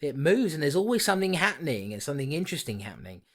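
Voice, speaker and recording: Racing along and very animated, a higher-voiced man co-hosts a podcast about horror films. The casual review chat has him teasing and sarcastic.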